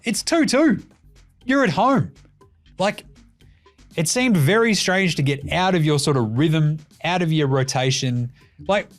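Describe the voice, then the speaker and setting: A medium-pitched young adult man with an Australian accent rants through casual commentary on the basketball podcast he hosts, swearing a lot and cracking sarcastic jokes.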